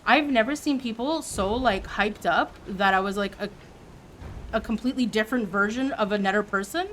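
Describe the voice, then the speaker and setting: Animated storytelling woman streamer. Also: mid-range voice, moderate pace, slight background noise. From Quebec. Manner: animated, acts out quoted voices. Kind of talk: casual storytelling to chat.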